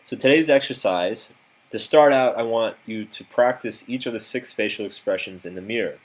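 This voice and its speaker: A man's voice: on the low side, moderate pace. A man narrating a self-improvement lesson in a direct, instructive way, with occasional fillers.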